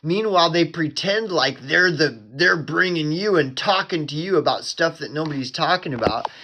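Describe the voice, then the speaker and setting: Bright-voiced swearing rant man. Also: fairly high pitch, lively intonation, moderate pace. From Oklahoma. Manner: profane, rambling, heavy use of "dude" and "bro"; flares up into angry shouted quotes. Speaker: channel host. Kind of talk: casual ranting monologue.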